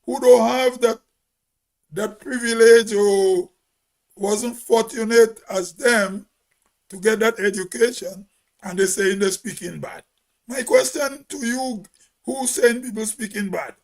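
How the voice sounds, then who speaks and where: A man with a Grenadian accent giving an emphatic opinion monologue as host, with a big, loud voice and rhetorical questions. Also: sits high, slow.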